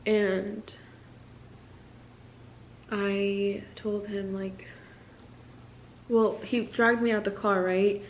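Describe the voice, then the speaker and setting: A woman's voice: medium pitch, level tone, drawn-out words, long pauses, lo-fi sound, a little hiss or hum. A young woman in a candid confessional vlog, distressed, rambling and swearing often, with lots of "like". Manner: rambling, profane, filler-heavy "like". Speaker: military spouse.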